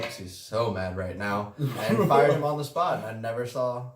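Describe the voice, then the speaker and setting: A man's voice: medium pitch, animated, moderate pace, crowd noise. A man co-hosting a casual podcast about restaurant work, telling a story in a laid-back, profane way with the odd chuckle. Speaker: podcast co-host, restaurant worker. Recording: roomy, distant mic.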